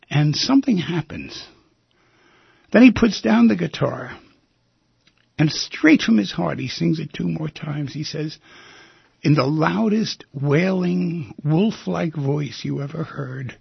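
A male radio host tells a personal story in a studio. He speaks with an emphatic, intimate manner, swinging between loud and hushed. His voice sits a little high, very gravelly and breathy-husky, and the recording is dry and dull. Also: lively intonation, measured pace, no room sound. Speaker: radio talk show host.

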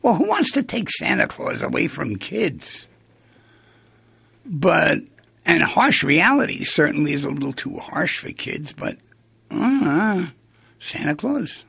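A man's voice: on the high side, sing-song, slow pace, vocal fry, bright, forceful tone, breathy edge, no room sound. A man hosting a radio talk show, musing aloud, asking rhetorical questions and acting out quoted lines. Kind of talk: reflective monologue on relationships.

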